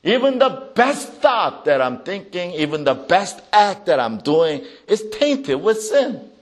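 Slow, animated man preaching a sermon. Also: high-pitched. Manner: swings between loud proclamation and soft asides; reads scripture aloud with emphasis. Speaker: pastor.

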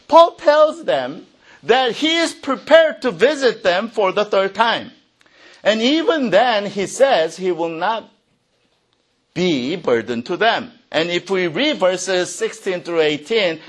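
A man preaching a sermon, reading scripture aloud and explaining it, rising for the readings and dropping low for his asides. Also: very animated, slow pace. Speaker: pastor.

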